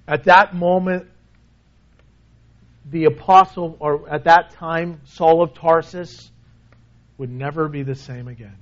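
High-voiced man preaching conversationally. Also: fairly even intonation, slow pace, long pauses, muffled recording. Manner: conversational preaching, dropping to a soft low voice for emphasis. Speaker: pastor. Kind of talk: sermon.

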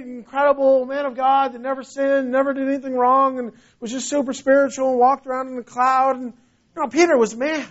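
A man's voice: very high-pitched, fairly bright tone. A man preaching a sermon in a conversational storytelling way, often restarting his phrases. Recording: dull lo-fi recording.

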